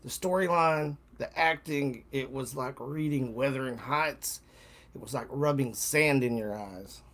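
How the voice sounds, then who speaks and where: A man's voice: mid-range voice, a little slow, fairly bright tone. An older man in casual chat with his daughter on a live stream, giving blunt, dry opinions. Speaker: guest, host's father.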